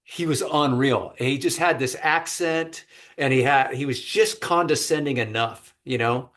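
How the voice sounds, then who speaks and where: A man's voice: mid-range voice, measured pace. A man hosting a podcast, telling an anecdote in a casual chat over a remote call and putting on voices for the people in it. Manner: animated anecdote teller with quoted voices. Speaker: podcast host.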